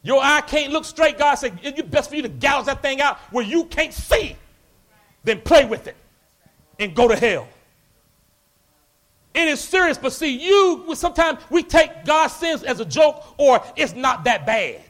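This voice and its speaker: A man preaching a sermon, animated, acting out quoted voices and breaking into shouts. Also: very high voice, unhurried.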